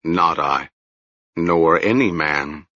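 A man voicing a stern, calm male wizard who speaks in a grave, measured, gentle way. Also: extremely low pitch, dry recording, lo-fi sound, pitched below the performer's own voice, heavily acted.

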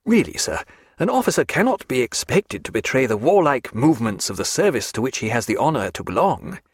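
A man's voice: medium pitch, big pitch swings, fairly quick, breathy edge, dry recording. A man voicing a composed naval doctor who answers questions with dry, precise, formal evasions.

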